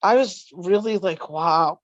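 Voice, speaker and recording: A woman's voice: a little high, animated, normal speed, no room sound, muffled recording. A woman co-hosting a casual group chat on a video call, blunt and teasing and swearing freely. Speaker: podcast co-host.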